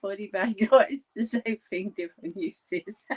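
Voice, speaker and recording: A woman's voice: medium pitch, a little mellow, breathy edge. A woman hosting a live crafting stream, chatting casually and joking with viewers as she sews, a little tired. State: tired, yawning. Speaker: crafting livestream host. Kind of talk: casual chat while sewing live.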